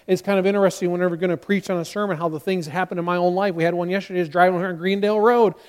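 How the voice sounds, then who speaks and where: A man preaching a sermon as pastor, his voice sitting high for a man. He delivers it with animation and slips into the voices of the people he quotes. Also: steady tone, racing, smooth.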